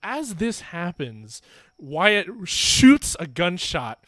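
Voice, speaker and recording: Bright-voiced young man running a tabletop game. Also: high voice, big pitch swings, very slow, no echo, studio quality. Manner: rambling, self-correcting narration. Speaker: game master. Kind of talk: narrating a tabletop game online.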